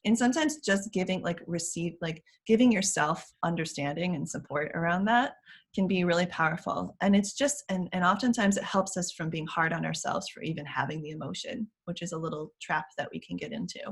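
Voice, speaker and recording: Chatty laughing woman coach, lowish voice. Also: brisk, slightly rough. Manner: warm, chatty, laughs often. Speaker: parent coach. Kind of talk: interview guest explaining strategies.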